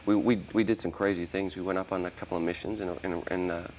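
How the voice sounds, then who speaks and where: Quick and low, with fairly even intonation and a slightly mellow quality, this man's voice comes through over some faint background noise. He's in his thirties, Australian by origin, and appears as an interview guest who works as a musician and actor. He speaks in a mostly American accent with touches of Australian, rambling casually and restarting many times.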